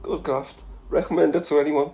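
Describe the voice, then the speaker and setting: A man's voice: a little high, little pitch movement, brisk, gravelly, warm tone. A man in his thirties with a Liverpool accent, answering follower questions in a blunt, laughing, heavily swearing chat. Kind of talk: casual Q&A chat.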